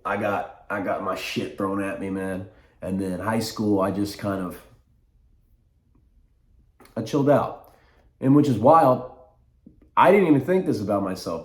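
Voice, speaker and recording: A man's voice: on the low side, darkish tone. A young man in his twenties talking to camera in a rambling, reflective vlog, often stopping to restart his sentences. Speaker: vlogger. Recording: echoey room.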